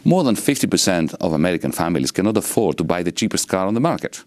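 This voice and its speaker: A middle-aged Greek man, an economist and politician appearing as an interview guest, answers questions in a very low, slightly mellow voice with sweeping, lecture-like rhetoric. He talks fast with big pitch swings. The recording is close and dry, with no room sound.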